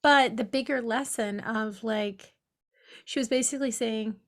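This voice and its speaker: A woman's voice: fairly high pitch, fairly even intonation, a little slow, a bit bright. Reflective woman podcast co-host. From Pacific Northwest of the US. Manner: reflective, anecdotal, laughs often. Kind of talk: casual conversation.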